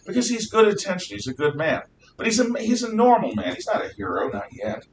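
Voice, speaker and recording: A man teaching a class, retelling Bible stories in a lively, animated way and acting out the dialogue. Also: a little fast. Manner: animated, acts out dialogue with shifting voices. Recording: distant mic with faint rumble.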